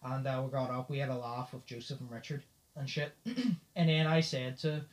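A young man, hosting a podcast and telling a profane, lively story in casual chat. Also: mid-range voice, a little fast. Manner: profane, lively anecdote-telling with frequent laughs. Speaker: podcast host.

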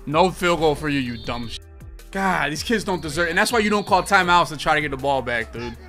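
A young man calls his football video game live, swinging between muttered complaints and loud outbursts at his opponent. His voice sits a touch high and sounds bright and forceful. Faint game music runs underneath. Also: fairly quick. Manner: trash-talking, excitable, slangy. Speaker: gaming streamer. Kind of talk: live gameplay commentary.

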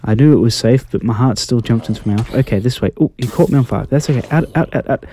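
Male, soft ASMR game commentator, mellow tone, gentle and quaint, flusters easily. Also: mid-range voice, quick pace, a little hiss or hum. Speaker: gaming YouTuber.

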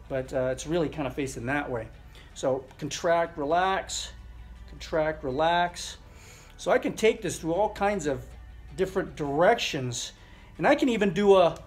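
A middle-aged man with a fairly high voice walks viewers through a thumb exercise as a chiropractor. He talks loosely, with fillers, as he demonstrates each movement. Faint music plays underneath.

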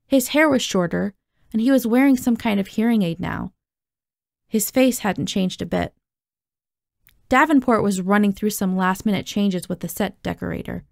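A woman's voice: medium pitch, normal speed, gravelly, dry recording, clean studio sound. A woman reading a novel aloud, narrating expressively in the first person. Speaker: audiobook reader.

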